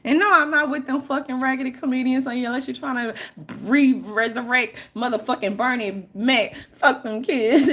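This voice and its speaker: A young woman talks straight to her viewers in a loose, rambling monologue full of slang and cursing. She breaks into laughter often, and her voice sits somewhat high for a woman. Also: fairly bright tone. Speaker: vlogger.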